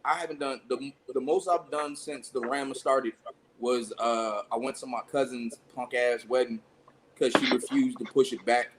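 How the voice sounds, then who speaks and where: A man hosting a casual comedy podcast, telling profane, animated stories and laughing often. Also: mid-range voice, moderate pace, very noisy. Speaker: podcast host.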